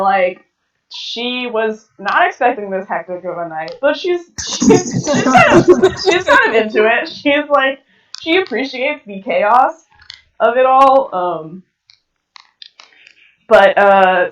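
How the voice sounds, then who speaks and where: A woman's voice: on the high side, roomy sound, distant mic, dull audio. A woman narrating as game master of a tabletop game, hesitant, with many fillers and restarts.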